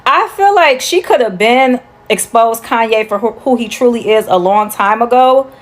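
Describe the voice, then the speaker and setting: A woman's voice: a little high, moderate pace. A woman speaking candidly and conversationally in a casual opinion video, with some swearing.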